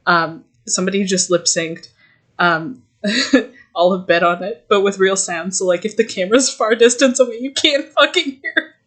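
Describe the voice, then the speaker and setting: A young woman chatting on a podcast with her co-host, laughing often and swearing freely as she rambles through silly ideas. Her pitch sits in the middle of the range, and her voice sounds loose and unpolished. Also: moderate pace, a bit bright. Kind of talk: casual chat.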